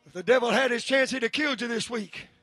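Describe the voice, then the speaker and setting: A man preaching a sermon, building to shouted, drawn-out peaks and then dropping low and quiet. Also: dry recording. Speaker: pastor.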